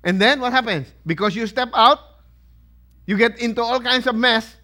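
A pastor preaches with a high, ringing voice. He keeps tossing questions to his listeners and punching out the answers himself, with plenty of emphasis. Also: normal speed, bright, forceful tone. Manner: asks the congregation questions and answers them. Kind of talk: sermon.

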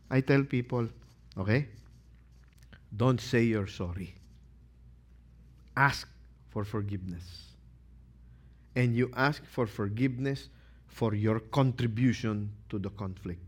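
A male pastor preaching a sermon, animated, questioning his congregation and acting out quotes. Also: medium pitch, unhurried, pauses often.

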